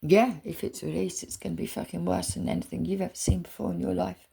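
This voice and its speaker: A woman with a low, gravelly and husky voice speaks straight to her listeners in an intense emotional monologue. She swears freely and talks with heavy feeling. At times her voice sinks to a whisper. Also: steady tone, quick pace, dark tone. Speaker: spiritual reader. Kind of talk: emotional direct-to-camera monologue.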